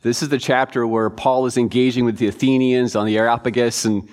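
A man's voice: medium pitch, flat delivery, a little fast, a little mellow. Chatty man quizzing his church class. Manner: informal, chatty, quizzing the audience. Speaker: pastor. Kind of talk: casual Bible class teaching.

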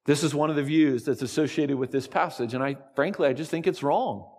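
A man preaching a sermon to his congregation, slow and deliberate, with dramatic pauses. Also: fairly high pitch, darkish tone, long reverb tail. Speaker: pastor.

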